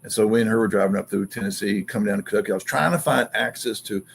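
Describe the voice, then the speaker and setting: A man telling an excited story as a guest, acting out quotes and sounds in an animated way. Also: lowish voice, racing, gravelly, a little hiss or hum.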